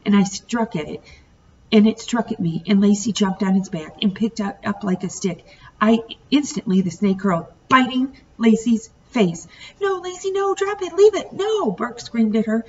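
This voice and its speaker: A woman teacher reading a novel aloud to her students, pausing to ask the class questions. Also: medium pitch, a little mellow. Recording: distant muffled home recording, faint hiss.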